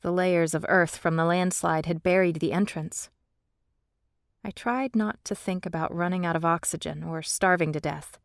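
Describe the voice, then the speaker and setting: A woman narrating a fantasy audiobook in the first person, steady and measured, on a close studio mic. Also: lowish voice, no echo.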